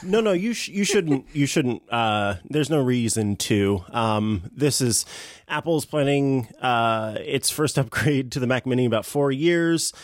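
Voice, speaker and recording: A man's voice: medium pitch, animated, measured pace, no room sound. A man hosting a casual tech podcast, chatty and full of fillers, laughing often. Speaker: podcast host.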